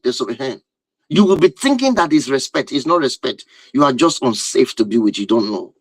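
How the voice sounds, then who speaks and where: A man with a slightly high voice lectures his viewers as a relationship teacher, repeating himself emphatically and often posing rhetorical questions. The recording is rough but has no echo.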